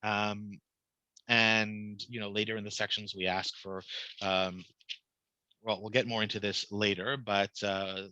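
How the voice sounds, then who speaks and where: A man with a lowish, very bright voice teaches a class as cantor. He talks casually and checks in with questions as he explains prayer translations. The sound is dry and close. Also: level tone, measured pace, no room sound, highs cut off.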